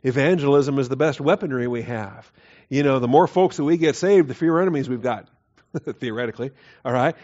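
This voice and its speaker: A man at mid pitch teaches a Bible doctrine class, talking casually with many fillers and soft chuckles. He keeps turning questions to his listeners. The recording sounds dull and lo-fi. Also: fairly quick. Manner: conversational, hesitant fillers, quiet chuckles, quizzes the class.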